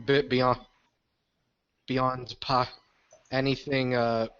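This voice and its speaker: A man's voice: mid-range voice, level tone, drawn-out words, fairly bright tone, clean tone. A man running a tabletop game, describing the scene with stumbles and repeated words, on a lo-fi recording.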